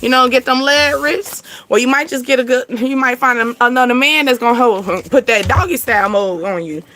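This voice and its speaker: A woman's voice: high-pitched, fairly quick, a bit bright, a little hiss or hum. A woman, giving a casual spiritual tarot card reading in a chatty, repetitive way with frequent laughs.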